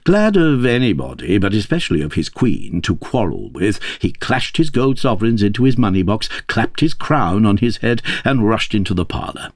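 A man reading a fairy tale aloud as narrator with expressive, playful delivery. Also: on the low side, normal speed, few pauses, no echo, studio quality. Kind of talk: storybook read-aloud.

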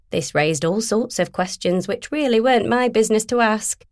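A woman narrating a first-person novel in a wry, steady storytelling manner. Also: medium pitch, normal speed, no room sound, studio quality. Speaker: audiobook narrator.

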